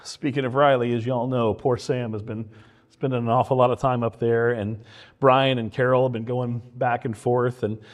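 A man's voice: mid-range voice, level tone, moderate pace. A middle-aged man preaching a sermon in an earnest way, often restarting and repeating words. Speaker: pastor.

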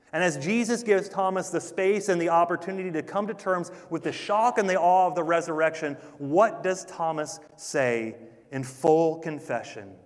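A man preaching a sermon in an earnest, emphatic way, often repeating himself for stress. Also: fairly high pitch. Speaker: pastor. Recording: long hall reverb.

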